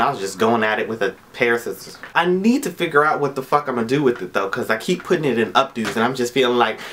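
Sassy, foul-mouthed young man vlogging. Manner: sassy, profane and very expressive; big swings in pitch for emphasis. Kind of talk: casual Q&A vlog.

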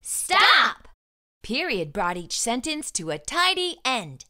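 Animated woman reading to children. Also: a little high, measured pace. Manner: animated, sing-song. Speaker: children's storyteller. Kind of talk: picture book read aloud.

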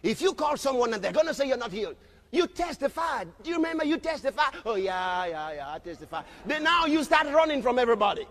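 A man preaching a sermon as a pastor, emphatic, often shouting and questioning his crowd. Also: extremely high pitch, expressive, fast talker. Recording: long reverb of a large hall.

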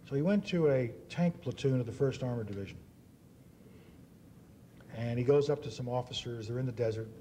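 A man in his fifties giving an after-dinner speech. He spins anecdotes and acts out the quotes in a mellow, relaxed voice at an ordinary pitch. Faint room noise sits underneath. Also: brisk, pauses often. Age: 50s. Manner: anecdotal storytelling with acted quotes. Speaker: dinner speaker. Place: banquet hall.

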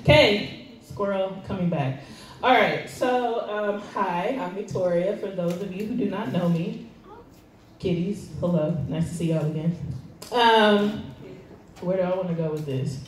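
A woman gives a casual sermon, chatty and self-deprecating, with laughs sprinkled through. She speaks at an unhurried pace, heard from a distance. The church hall rings with heavy echo. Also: mid-range voice. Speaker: guest speaker. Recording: echoey hall, recorded from afar.

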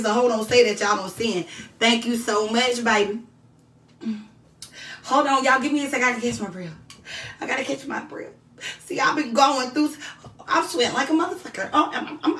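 A woman livestreaming, telling her story in a brash, profane, animated way. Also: high-pitched, far from the mic. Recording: roomy sound from off the mic.

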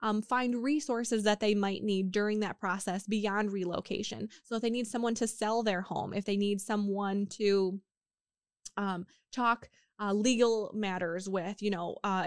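A woman's voice: medium pitch, steady tone, normal speed. A chatty woman hosts her podcast in an upbeat, casual way, dropping fillers as she goes. Her voice is worn from being sick. The sound is dry and close, with no room echo. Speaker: podcast host. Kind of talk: casual promotional podcast talk.

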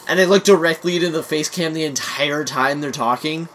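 A young man co-hosting a let's play, chatting casually and often yelling and laughing. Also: on the high side, a little fast. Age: young adult. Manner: excitable, yells and laughs often. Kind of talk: casual gaming chat. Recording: faint background noise.

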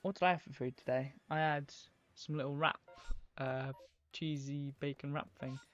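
A man's voice: fairly high pitch, flat delivery, moderate pace, fairly bright tone, highs cut off, soft background music. A man live-streaming a game, chatting in a rambling, casual way to his viewers as he plays. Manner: rambling, chatty, talks to viewers while playing.

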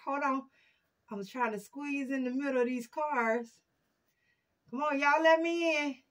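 A woman's voice: sits high, measured pace. A woman vlogging casually while she works, chatty and exclaiming, a little out of breath. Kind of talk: casual vlog to viewers.

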